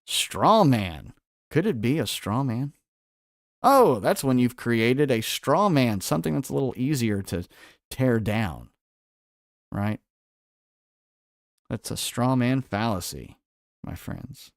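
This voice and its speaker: A man's voice: medium pitch, sing-song, slow, gravelly, pauses often, dry recording, studio quality. A man hosting a quiz-style livestream, putting questions to his viewers and reading out their answers from the chat. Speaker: livestream host.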